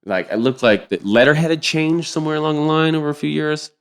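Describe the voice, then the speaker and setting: A middle-aged man telling a story in a casual interview, acting out the quotes with sudden high-pitched outbursts and swearing freely. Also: fast, clear, resonant tone. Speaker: drummer and podcast guest.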